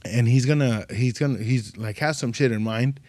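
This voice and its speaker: A comedian guest, telling stories in a slangy, profane, animated way on a podcast. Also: male voice, medium pitch, moderate pace, no echo, clean studio sound. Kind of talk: casual podcast chat.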